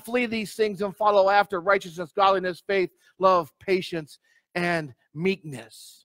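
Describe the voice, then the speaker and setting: A man's voice: sits high, a little slow, fairly bright tone, no room sound. A male pastor preaching a sermon emphatically, reading scripture aloud, repeating key phrases and asking the congregation direct questions. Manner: reads scripture aloud in old-style wording.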